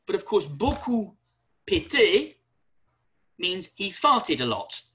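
A university lecturer giving a webinar talk, animated and wry, often spelling words out letter by letter. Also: medium pitch, normal speed, rough recording.

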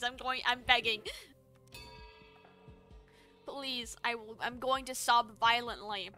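A young woman talks through a game she is streaming, with a bright, forceful edge and a voice pitched a little high. She swears casually and reacts out loud as she plays, while faint music runs underneath. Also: steady tone, slow pace, long pauses. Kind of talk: casual live game commentary.

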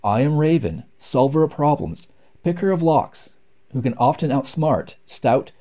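A man's voice: mid-range voice, lively intonation, unhurried, mellow, close to an everyday voice. A man voicing a swaggering, cunning raven who boasts in a rapping cadence in a storybook poem. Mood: boastful.

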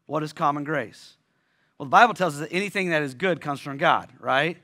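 A pastor preaching a sermon in a conversational way, restarting phrases often and asking rhetorical questions. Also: male voice, a little high, moderate pace, pushed and bright.

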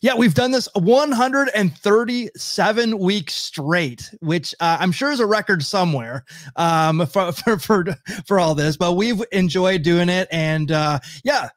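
A man's voice: high-pitched, measured pace, dry recording, studio quality. A man hosting a livestreamed podcast, chatty and upbeat, laughing often. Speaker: podcast host. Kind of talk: casual chat.

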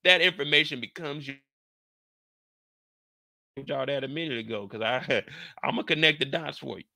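Brash, bright-voiced man recapping a show. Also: medium pitch, vocal fry, dry recording, clean studio sound. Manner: boastful, animated, slangy. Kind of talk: casual TV recap commentary.

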